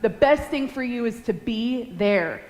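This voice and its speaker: A woman in her late twenties preaching a sermon, talking fast and emotionally. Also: fairly high pitch, animated, a little mellow. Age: late 20s. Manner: fast, emotional, laughs and tears up. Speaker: guest preacher. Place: large church hall. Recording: echoey hall with long reverb.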